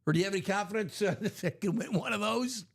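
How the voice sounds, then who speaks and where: A man hosting a live sports card break stream chats casually, rambling, correcting himself, and chuckling at his own stories. His voice is high-pitched and creaky, and he talks fast.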